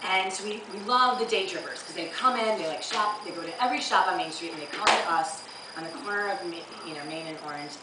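A woman in her thirties from Chicago, doing chatty, animated stand-up on a theater stage. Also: fairly low pitch, fast talker. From Chicago, USA. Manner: chatty, animated storyteller with frequent laughs. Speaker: stand-up comedian. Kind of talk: stand-up comedy. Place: theater stage with live audience. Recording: roomy theater, mic far off, audience noise.

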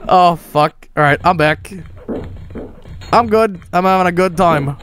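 A young man casually commenting while he plays a video game, excitable and often swearing. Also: sits high, unhurried. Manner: excitable, swearing, laughing, reading game lines aloud. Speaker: streamer. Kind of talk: casual let's-play commentary.

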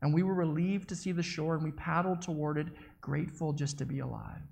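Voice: medium pitch, fairly quick, creaky, a little mellow. A preacher telling a story in the first person as an eyewitness, vivid and dramatic, with small stumbles and repeated words.

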